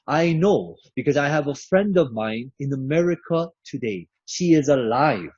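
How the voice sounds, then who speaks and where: A man giving an inspirational keynote address, preachy and emphatic, with drawn-out phrases. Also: medium pitch, animated, a little mellow, breathy edge, dry recording. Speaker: keynote speaker. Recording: dull lo-fi recording.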